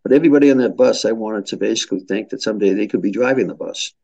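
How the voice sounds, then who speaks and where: An older man from Boston with a Boston accent, answering interview questions in a measured way with frequent hesitations. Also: fairly low pitch, dark tone, rough recording. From Boston, USA. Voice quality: gravelly, husky. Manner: measured, hesitant with many fillers. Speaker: interview guest.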